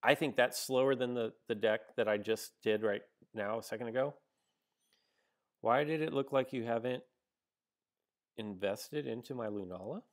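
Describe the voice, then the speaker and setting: A male streamer with a mid-range voice speaks at normal speed, leaving long pauses as he casually comments on his live game. He thinks aloud, restarts often with ums and likes, and chats with viewers between moves.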